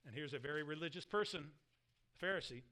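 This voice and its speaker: Talking fast in a slightly high, sharp-toned voice, a pastor delivers a verse-by-verse sermon. He reads the scripture out loud, stressing it earnestly.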